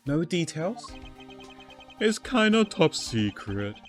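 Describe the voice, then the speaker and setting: A man's voice: a little high, very animated, takes it slowly, soft background music, voice pushed up. A man voicing a loyal, eager police detective in a game, deferential and earnest. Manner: deferential, says sir a lot.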